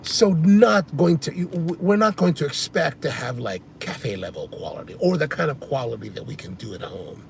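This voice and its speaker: A man's voice: on the high side, lively intonation, moderate pace, vocal fry, hardly any pauses. Chatty man vlogging from a car. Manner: chatty, rambling, answers viewer comments. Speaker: coffee vlogger. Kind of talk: casual chat while driving. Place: inside a car on the highway. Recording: car interior with faint road noise.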